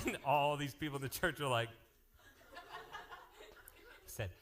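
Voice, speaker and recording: A man working as a youth pastor, making lively, joking announcements and telling stories to a live youth group. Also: mid-range voice, a little slow, pauses often, noisy background. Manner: energetic, joking, jumps between topics.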